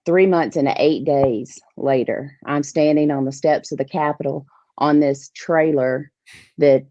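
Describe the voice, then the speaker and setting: A woman, a podcast guest telling a lively story about organizing fishing tournaments. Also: low-pitched, measured pace, dry recording. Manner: animated storyteller, acts out others' lines. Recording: dull, dry podcast audio.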